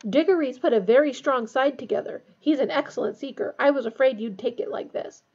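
A woman voicing an intense, anxious young male sports captain who speaks bitterly and forcefully, in a storybook reading. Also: high-pitched, a little fast, husky, highs cut off.

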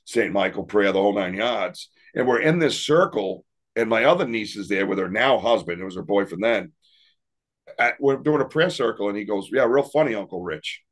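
A man with a lowish voice tells his paranormal stories in a loose, rambling way. He laughs often and restarts his sentences as he goes. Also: lively intonation, moderate pace. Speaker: paranormal investigator and podcast guest. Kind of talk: casual interview storytelling.

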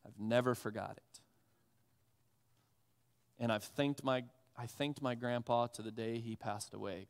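A pastor delivering a sermon in a conversational, animated, self-deprecating storytelling manner. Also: male voice, mid-range voice, a little slow, long pauses, clear, resonant tone. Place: church sanctuary. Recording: long reverb of a church hall.

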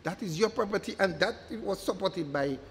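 A man's voice: high voice, moderate pace, gravelly, a little hiss or hum. A man giving a public lecture, emphatic, often repeating words for stress. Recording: long hall reverb.

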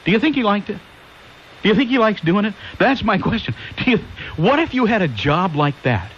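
A man hosts a conservative talk radio show in a fairly high, very animated voice, rambling and checking in with listeners through rhetorical questions. The audio is dull and lo-fi, with faint hiss like an old AM broadcast. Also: a little fast. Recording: hissy lo-fi 1990s AM radio.

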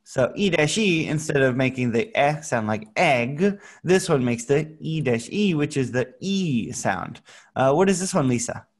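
A man gives an English lesson to young learners over a video call. He talks at a very unhurried pace, spelling out sounds with patience. Now and then he breaks into playful sound effects. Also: mid-range voice, expressive. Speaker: English teacher. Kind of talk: online English lesson for children.

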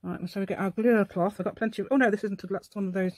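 A woman's voice: mid-range voice, steady tone, fast talker, a little mellow, dry recording. Chatty woman in a mock-posh voice. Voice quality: playful put-on posh telephone voice. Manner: rambling, chatty, talks to herself while working. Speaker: crafting channel host. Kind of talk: casual crafting demonstration.

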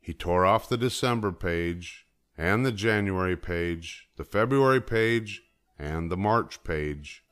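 Slow, deep-voiced older male storyteller. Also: clean tone. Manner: gentle, measured storytelling. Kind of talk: children's story read-aloud.

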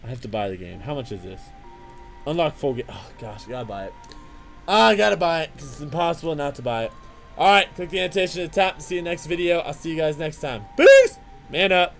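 A young man hosting a let's play, commenting on his game with excitable trash talk, jokey asides and sing-song chanting. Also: on the high side, fast talker, creaky, soft background music. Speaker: gaming channel host.

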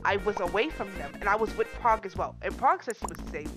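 A woman's voice: medium pitch, expressive, fast talker, music in the background. A woman in a casual game chat, rambling and defending herself with some swearing. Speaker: gamer.

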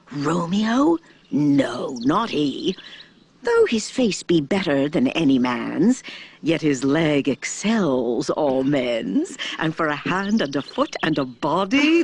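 A woman's voice: fairly low pitch, slightly rough, heavily acted. Woman doing a fussy old nurse. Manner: groaning, dawdling, complains of aches.

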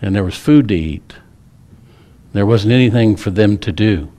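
A man's voice: on the low side, moderate pace, warm tone. A middle-aged man, a pastor preaching a sermon in a church, telling stories in a folksy, humorous way. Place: church sanctuary.

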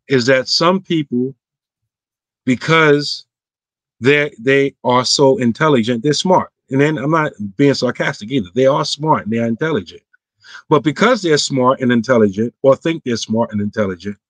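A man's voice: mid-range voice, a bit bright, dry recording. A man, an imam, answering viewer questions on an online roundtable in a casual, emphatic way, his voice climbing when he stresses a point. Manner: casual, clipped everyday grammar.

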